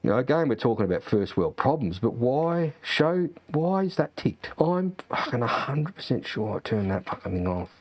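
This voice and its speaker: A man's voice: mid-range voice, big pitch swings, normal speed, hardly any pauses, no room sound. A man, a sim racing streamer, chatting casually and ranting with lots of profanity and fillers. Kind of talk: casual chat.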